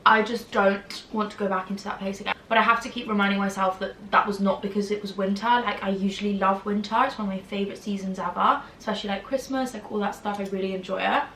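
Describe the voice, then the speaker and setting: A woman's voice: medium pitch, steady tone, quick pace, few pauses, sharp tone, slight background noise. A young woman with a slightly whiny voice, chatting casually to camera and rambling with lots of "like" fillers. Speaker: YouTuber. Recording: roomy, distant from the mic.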